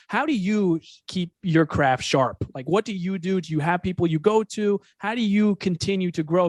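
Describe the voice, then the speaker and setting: A man's voice: on the high side, no room sound, clean studio sound. A man hosting a podcast, asking questions in a friendly, encouraging way. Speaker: podcast host. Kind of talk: casual interview chat.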